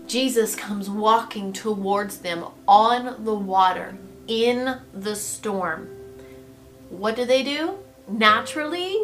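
A woman hosting a devotional podcast, teaching a Bible passage in a conversational way and often checking in with her listeners. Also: mid-range voice. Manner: animated storytelling, acts out the scene. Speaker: podcast host and pastor's wife.

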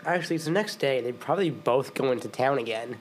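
A man's voice: mid-range voice, lively intonation, quick pace, slight background noise. A young man playing a tabletop game, eager and stammering as he talks. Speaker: player.

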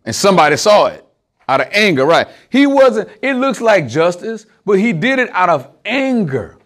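High-voiced man preaching casually. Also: sing-song, normal speed, fairly bright tone. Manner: conversational, asks the group rhetorical questions, chuckles often. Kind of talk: informal sermon to a small group.

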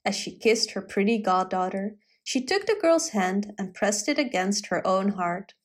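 A woman reading a fairy tale aloud in a gentle, expressive storytelling manner. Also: mid-range voice, unhurried.

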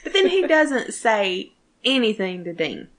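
A woman's voice: medium pitch, a little slow. A woman in casual chat, recapping a TV show with lots of swearing and acted-out lines. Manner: animated, swears freely, acts out characters. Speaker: podcast co-host.

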